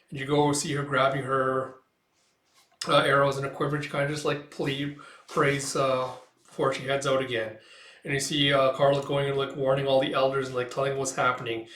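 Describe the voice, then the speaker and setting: A man's voice: medium pitch, little pitch movement, moderate pace, fairly bright tone. Casual man recapping a comic. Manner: loose, filler-heavy retelling. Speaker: manga reader and commentator. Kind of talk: casual read-along recap. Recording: roomy echo.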